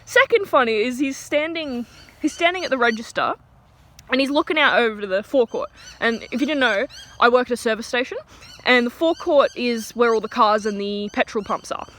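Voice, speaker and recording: Bright, chatty young woman. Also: on the high side, expressive, a little fast, slight background noise. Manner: rambling, chatty, many fillers. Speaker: storyteller. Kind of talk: casual storytime. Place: outdoors. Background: birds, outdoor ambience.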